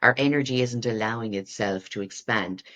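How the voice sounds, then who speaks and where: A woman, a therapist guest speaking in a reflective coaching way, acting out inner voices and rising to excited peaks. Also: rumbling low, moderate pace, highs cut off.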